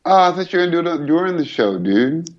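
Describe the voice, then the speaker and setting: A man's voice: fairly high pitch, very animated, fast. A man co-hosting a podcast in casual chat, joking and teasing his partner. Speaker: podcast co-host. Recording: dull lo-fi line with faint noise.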